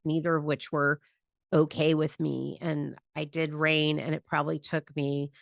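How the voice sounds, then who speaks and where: A woman hosts a podcast in a low voice with a gravelly, fry-laden texture. She explains things in a calm, reflective way. The sound is dry and close to the mic. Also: no echo. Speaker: podcast host and grief teacher. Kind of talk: conversational podcast teaching.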